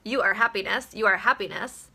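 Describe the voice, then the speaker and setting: Bright, chatty woman. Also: mid-range voice, fairly quick. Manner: chatty, blunt, swears freely, laughs often. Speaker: host of a daily motivational live video. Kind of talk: casual motivational talk to viewers.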